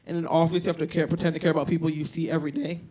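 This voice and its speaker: A woman's voice: low-pitched, little pitch movement, very fast, mellow, a little hiss or hum. A woman tells stories through a stand-up set, brash and profane. She works a handheld mic on a small bar stage. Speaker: stand-up comedian. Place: comedy bar stage, indoors.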